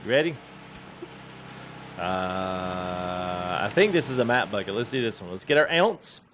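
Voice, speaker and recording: A man with a deep voice hosts a game livestream, speaking animatedly but unhurriedly as he chats casually, laughs often, and quotes his viewers' chat. The recording is lo-fi with background noise.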